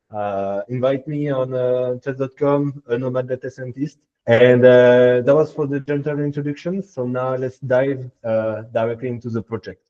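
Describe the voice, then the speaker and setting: French-accented man, dark muffled voice. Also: mid-range voice. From France. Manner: explains step by step, slow and halting. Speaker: workshop speaker, machine learning engineer. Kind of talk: technical workshop presentation. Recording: muffled lo-fi audio.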